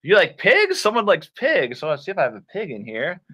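A man's voice: high voice, huge pitch swings, fairly quick, bright, forceful tone, husky. A man from Michigan teaching an online English class to children, playful and exaggerated, with silly sound effects. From Michigan, USA. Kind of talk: animated kids' online class.

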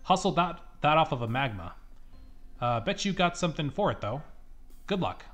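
A man's voice: fairly high pitch, very animated, normal speed, fairly bright tone, faint music behind. A man voicing a slick street hustler in a video game, breezy and offhand.

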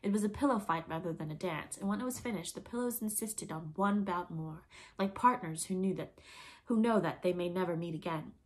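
A woman reading a storybook aloud in a steady, expressive manner. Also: fairly low pitch, fairly quick. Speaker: audiobook reader. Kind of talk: storybook narration.

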